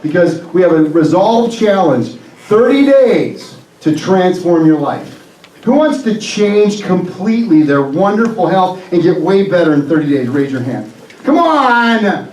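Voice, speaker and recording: A man's voice: high voice, sing-song, unhurried, a little mellow. A man, a chiropractor, giving a motivational health seminar to a live audience, joking and firing questions at the room. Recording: echoey room, distant mic, faint ambience.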